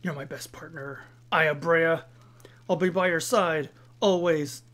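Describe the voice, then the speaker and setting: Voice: mid-range voice, measured pace, a bit bright, natural voice. A player voicing a loyal police partner. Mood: reassuring. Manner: earnest, reassuring line reading. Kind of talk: reading game dialogue aloud.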